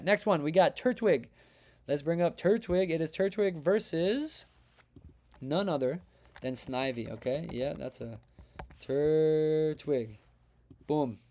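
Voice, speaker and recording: A man hosting a casual live stream, talking to his chat with lively, upbeat energy. His voice sits a little high but has a warm, mellow tone. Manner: energetic, chatty, reads chat aloud and hypes votes. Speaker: livestream host.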